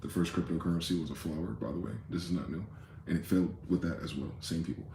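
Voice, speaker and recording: A man's voice: sits low, steady tone, fast, mellow, reverberant, a little hiss or hum. A man hosting a rambling late-night monologue, profane and conspiratorial in tone, with many asides. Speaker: host.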